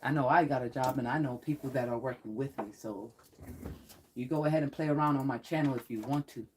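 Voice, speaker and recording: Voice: mid-range voice, a little fast, slight background noise. A psychic tarot reader talks casually to a live-stream audience in a mid-range voice. The talk rambles and often breaks into laughter. It turns blunt and threatening toward anyone making trouble in the chat.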